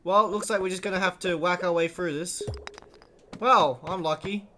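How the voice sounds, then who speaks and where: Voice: medium pitch, fairly even intonation, moderate pace, sharp tone, slight background noise. A let's play host giving chatty, exclaiming commentary while playing, talking back to the game's characters. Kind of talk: casual gameplay commentary.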